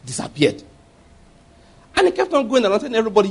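A middle-aged man preaching a sermon, telling personal stories with animated quoted voices and laughing at his own tales. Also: high-pitched, fast, husky. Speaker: pastor.

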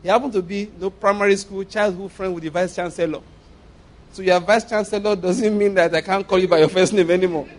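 Nigerian pastor, high-pitched male voice, animated storyteller, acts out characters in a sermon. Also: a little fast. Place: church.

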